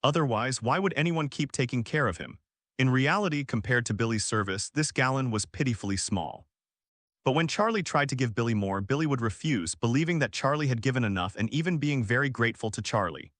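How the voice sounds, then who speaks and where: A man narrating a story with steady, even delivery. His voice sits at a middle pitch, and the recording is dry and close, with no room sound. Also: brisk, dry recording. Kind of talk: audiobook narration of fan fiction.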